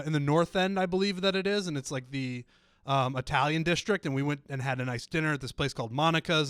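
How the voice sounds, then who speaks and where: A man's voice: on the high side, a bit bright, clear, resonant tone, no echo, clean studio sound. A young man from Iowa, co-hosting a podcast in casual chat, earnest and a little self-deprecating. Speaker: podcast co-host.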